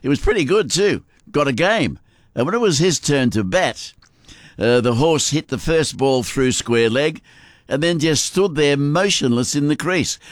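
A man on radio, chatting easily and cracking jokes between songs. His voice sits at an ordinary pitch and sounds dry and close, with no room around it. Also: expressive, unhurried, dry recording. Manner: joke-telling, chatty, with small laughs. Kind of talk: casual radio chat and live reads. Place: radio studio. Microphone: close studio mic.

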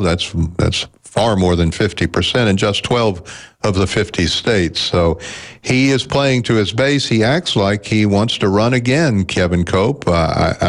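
A man hosting a radio call-in show, talking in a chatty, conversational way with hesitant fillers. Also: sits low. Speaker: radio talk show host.

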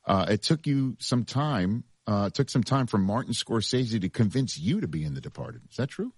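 Casting: husky, low male host, dry close mic, loose conversational questioning. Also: sing-song, moderate pace, no echo. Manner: chatty, leading questions with fillers. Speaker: interviewer host. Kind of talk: casual interview.

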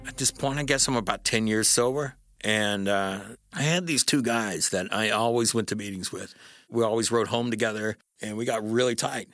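A middle-aged man telling a personal story in a wry, conversational way, with fillers and pauses. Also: fairly low pitch, fairly bright tone, no room sound.

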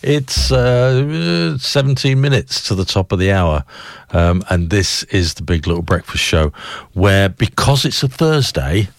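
A man's voice: on the low side, lively intonation, measured pace, gravelly, no room sound, studio quality. A man with an Australian accent hosting a breakfast radio show, chatty and enthusiastic as he reads verse. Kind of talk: casual radio chat and poem reading. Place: radio studio.

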